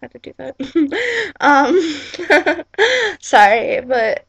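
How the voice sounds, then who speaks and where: A woman's voice: a little high, fairly even intonation, measured pace, vocal fry, no room sound. A young woman vlogging in casual, rambling chat, giggly and apologetic, with lots of "like" and "um", on a webcam mic in a small room at home.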